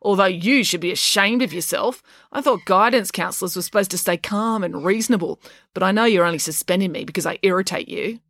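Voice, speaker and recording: A woman's voice: mid-range voice, brisk, a bit bright, dry recording, clean studio sound. A woman reading a storybook aloud and voicing a rude, defiant teenage schoolgirl with sarcastic, cutting retorts.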